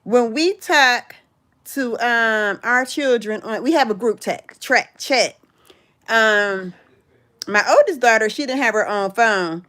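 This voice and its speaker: A middle-aged woman hosting a casual livestream, chatting with viewers and calling out where they are from. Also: slow. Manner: chatty, reads out viewers' locations, calls out "in the house"; animated, jumps high in pitch when greeting viewers. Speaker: livestream host.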